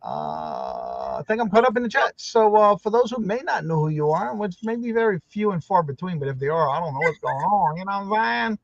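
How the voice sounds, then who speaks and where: A high-pitched man hosting a morning live stream, welcoming viewers one by one with upbeat, repeated greetings. The sound is dry and a little dull, like a home setup with a modest mic. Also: big pitch swings, brisk, gravelly, few pauses, no room sound. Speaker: livestream host.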